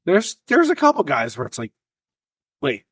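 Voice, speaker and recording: A man's voice: fairly high pitch, wildly swooping pitch, moderate pace, a bit bright, breathy edge, no echo. A man co-hosting a casual sports podcast, blunt and profane, with joking banter. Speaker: podcast co-host.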